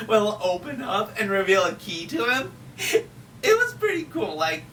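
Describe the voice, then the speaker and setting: Slow, chatty woman recapping a game. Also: mid-range voice, recorded from a distance. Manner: chatty, relaxed, frequent fillers. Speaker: gaming video host.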